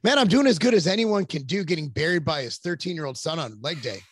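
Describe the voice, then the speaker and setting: A man's voice: fairly high pitch, expressive, quick pace, husky, no echo. A man in his forties, a podcast guest, telling long rambling stories in casual chat with plenty of cursing. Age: 40s. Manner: rambling, profane storytelling.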